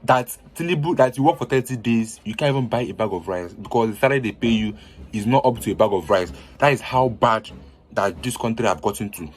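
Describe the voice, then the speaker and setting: A man's voice: fairly low pitch, animated, brisk, slight background noise. A man, hosting a news vlog and earnestly addressing viewers. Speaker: vlog host. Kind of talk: news commentary.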